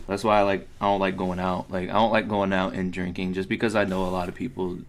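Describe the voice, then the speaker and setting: A man's voice: low voice, level tone, fast talker. A young man who is a podcast guest, talking loosely with lots of fillers and frequent laughs. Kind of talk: casual podcast chat.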